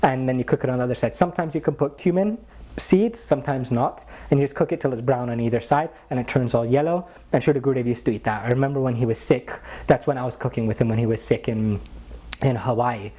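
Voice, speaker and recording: A man, a spiritual teacher, telling anecdotes in a casual, animated way, acting out the voices of the people in his stories and often saying "like.". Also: medium pitch, fast. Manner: animated, acts out quoted voices, frequent "like" fillers. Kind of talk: casual storytelling talk.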